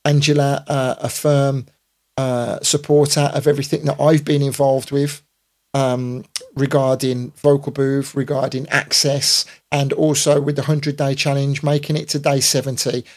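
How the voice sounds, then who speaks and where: A man's voice: mid-range voice, level tone, unhurried, a little mellow. A man in his fifties, a DJ hosting a casual live stream, rambling with lots of fillers and restarts. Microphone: computer or phone mic on a live stream.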